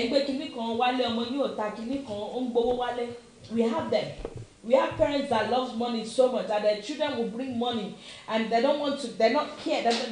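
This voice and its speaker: Her voice is a little high and a little mellow. She's a middle-aged Nigerian commentator with a Nigerian accent, giving a passionate opinion talk full of emphatic, repeated questions and occasional Yoruba phrases, recorded in a very echoey room with faint noise.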